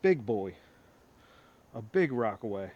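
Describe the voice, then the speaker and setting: A man's voice: fairly low pitch, sing-song, takes it slowly, muffled recording. A man hosting an axe restoration vlog, talking casually in a rambling, enthusiastic way with frequent asides. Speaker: host of an axe restoration channel. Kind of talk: casual show-and-tell vlog.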